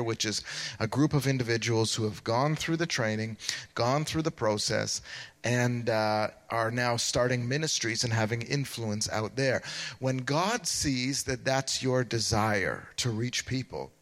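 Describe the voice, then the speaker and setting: A man's voice: medium pitch, a bit bright. A man preaching a sermon as pastor, enthusiastic and exclamatory, recorded in a church. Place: church sanctuary. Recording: long hall reverb in a church.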